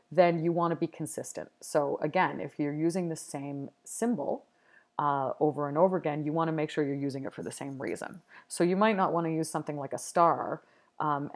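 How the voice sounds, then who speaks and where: A woman's voice: low voice, darkish tone. A woman giving a recorded university video lecture, thoughtful and explanatory, with frequent ums and restarts.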